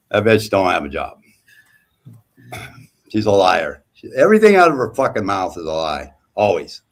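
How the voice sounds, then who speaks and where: A man calling into a casual chat, blunt and scornful, ranting and swearing. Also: fairly low pitch.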